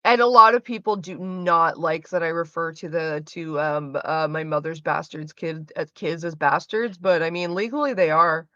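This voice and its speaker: A woman's voice: sits low, normal speed, hardly any pauses, a bit bright, no room sound. A woman hosting a casual livestream chat, talking bluntly and rambling, with heavy swearing. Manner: blunt, heavily profane, rambling. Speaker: livestream host. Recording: slightly muffled lo-fi audio.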